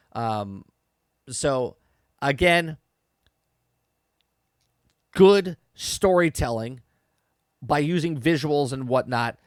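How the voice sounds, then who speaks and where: Casual male podcaster, mid-pitch, chatty recap with restarts, dry close mic. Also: no echo. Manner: chatty, repeats words and restarts, frequent "okay?" and "right?" asides. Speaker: podcast host reviewing a TV episode.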